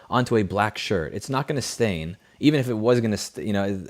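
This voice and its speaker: A man hosts a late-night livestream from a home desk setup, talking straight into a studio mic. His voice sits a little low. He chats in a blunt, rambling way, swears freely and answers viewer messages. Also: animated, a little fast. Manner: blunt, profane, rambling storyteller. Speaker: livestream host. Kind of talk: casual chat, reading viewer messages. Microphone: studio headset mic.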